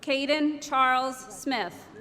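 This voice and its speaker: High-voiced woman slowly reading names. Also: steady tone, noisy background. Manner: slow, measured name-by-name announcing. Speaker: commencement name reader. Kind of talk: reading graduates' names at a ceremony. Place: large ceremony hall. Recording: echoey hall with loud crowd ambience.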